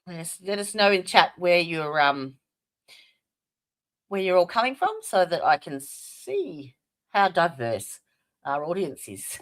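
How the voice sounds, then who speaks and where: Welcoming viewers by name, this Australian livestream host keeps things casual and chatty, full of fillers. She talks at a slow pace in a fairly low voice with big swings in pitch.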